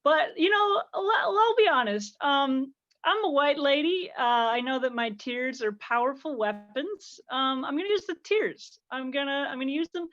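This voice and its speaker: A woman's voice: high-pitched, animated, normal speed, a bit bright, no room sound. A woman comedian arguing her side in a casual comic debate, rambling and self-mocking. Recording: dull lo-fi call audio.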